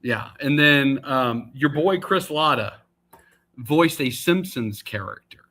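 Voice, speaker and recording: Bright-voiced man sharing trivia. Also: medium pitch, takes it slowly, a little hiss or hum. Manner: quizzes the host with trivia. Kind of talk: casual chat.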